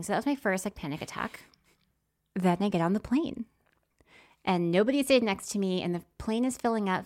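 Animated woman telling a story. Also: mid-range voice. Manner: animated storytelling, quick swings from whispers to loud exclamations. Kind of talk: casual chat.

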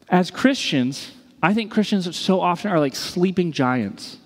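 A man in his thirties, a pastor preaching a sermon, telling stories in an animated way and acting out the people in them. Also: high voice, a little slow, few pauses. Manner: animated storytelling with quoted voices. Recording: reverberant hall.

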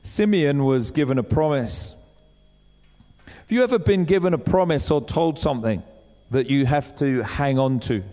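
A man's voice: mid-range voice, dark tone, big-room sound. A man preaching a sermon in a chatty, storytelling way, acting out the voices of the people he describes. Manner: conversational, acts out quoted voices.

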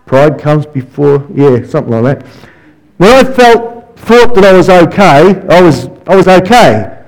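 Animated preacher man, fairly high voice. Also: a little slow, rough recording. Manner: animated storytelling with asides and rhetorical questions. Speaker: guest preacher and Christian counsellor. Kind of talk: sermon.

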